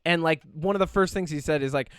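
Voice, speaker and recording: A man's voice: a little high, quick pace, a bit bright, clear, resonant tone, no echo, clean studio sound. A man co-hosting a podcast in casual chat, rambling animatedly with lots of fillers and quoted asides. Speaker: podcast co-host.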